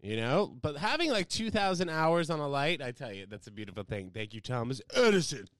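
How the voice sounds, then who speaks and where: A young American man chatting casually with his live viewers, rambling from topic to topic and swinging between loud bursts and low mumbles. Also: big pitch swings, fairly quick, dry recording, clean studio sound. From United States. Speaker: livestreamer. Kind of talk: casual rambling livestream chat.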